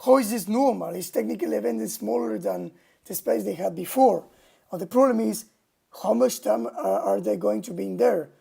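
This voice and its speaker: Halting, gravelly-voiced man on stream. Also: high voice, warm tone. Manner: halting, indignant. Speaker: livestreamer. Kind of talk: casual livestream monologue. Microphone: home streaming mic setup.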